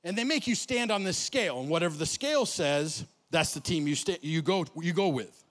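Lively, high-pitched male storyteller. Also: a little fast. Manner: animated storytelling, casual slang. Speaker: motivational speaker. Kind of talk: comic motivational talk. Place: festival stage.

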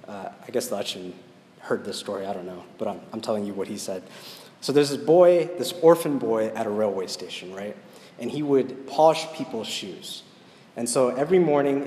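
A man's voice: medium pitch, a little mellow. Man preaching in an echoey hall. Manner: conversational, often checks in with "right?". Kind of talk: storytelling sermon and prayer. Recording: echoey hall with long reverb.

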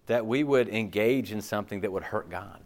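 A man's voice: lowish voice, fairly quick. A man preaching a sermon as pastor, talking in a loose, conversational way with many "okay?" asides and acting out listeners' reactions. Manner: conversational, animated, acts out imagined listeners' reactions; frequent "okay?" and "like" fillers.

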